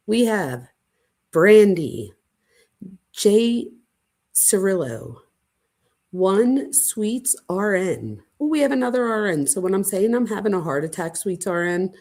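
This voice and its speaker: A woman hosting a casual late-night livestream chat, gushing and excitable, dramatic by her own account, and often breathless. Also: mid-range voice, husky. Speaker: channel host.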